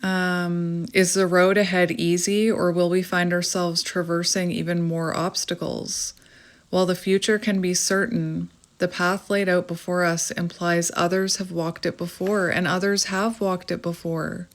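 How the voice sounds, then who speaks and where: A woman in her thirties with a Canadian accent gives her viewers a spiritual tarot reading that is gentle, reflective, and meandering, full of fillers. Her lowish voice is flat in delivery and a little slow.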